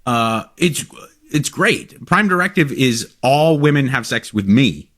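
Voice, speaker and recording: Expressive man in his forties, storytelling. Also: mid-range voice, unhurried. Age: 40s. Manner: storytelling, acts out quotes. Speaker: podcast co-host. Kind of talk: casual chat.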